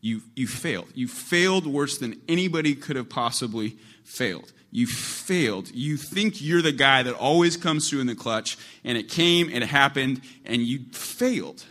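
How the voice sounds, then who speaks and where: A man preaching, voicing Jesus as a calm man who presses a friend with searching questions. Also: mid-range voice, a little slow, hardly any pauses, voice pushed up. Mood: pressing.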